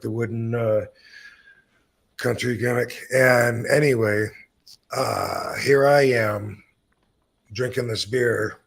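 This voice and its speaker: A man in his fifties with a gravelly, rough-edged voice, spinning a loose, rambling story on his podcast. He swears freely and pokes fun at himself as he goes. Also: mid-range voice, fairly bright tone. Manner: rambling, profane, self-deprecating storyteller. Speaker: podcast host. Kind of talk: casual storytelling.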